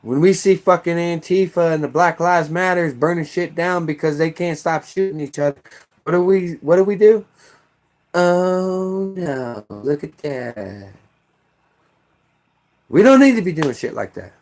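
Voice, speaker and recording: A middle-aged American man with a noticeably high-pitched voice rants furiously. He swears constantly and breaks into shouted bursts. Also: fairly quick. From United States. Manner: heated, profane, shouting bursts. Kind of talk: angry political rant.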